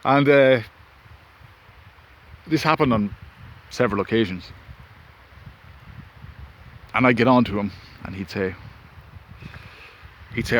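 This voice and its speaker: A man's voice: mid-range voice, slow, pauses often. A man casually telling a rambling personal story outdoors, recorded on a phone in the wind. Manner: rambling anecdotal, self-interrupting. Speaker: vlogger. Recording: faint wind and ambience.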